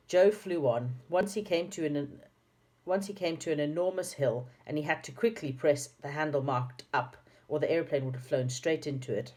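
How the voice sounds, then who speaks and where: A woman's voice: low-pitched, normal speed, a little mellow. A woman reading a children's chapter book aloud, with chatty asides to her young listeners. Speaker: storybook reader.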